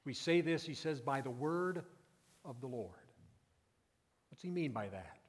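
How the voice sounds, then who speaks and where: A male pastor preaching a sermon, moving from quiet, intimate passages to loud, emphatic peaks. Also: medium pitch, very animated, measured pace. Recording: long reverb of a church hall.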